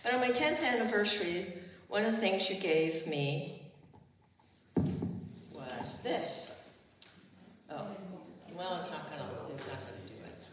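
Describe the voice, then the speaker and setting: Older woman minister, slow heartfelt sermon, heard from a distance in a reverberant chapel. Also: on the low side, animated, a little hiss or hum. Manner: emotional, heartfelt, leads the congregation in call and response. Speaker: retired minister. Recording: echoey hall, far from the mic.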